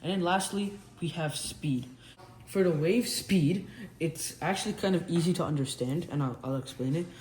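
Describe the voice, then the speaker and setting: In a whiteboard lesson, a young man explains physics like a relaxed tutor, sketching as he goes and often starting his sentences over. His voice runs on the high side, a little mellow, at a normal speed, and the room echoes with faint background noise.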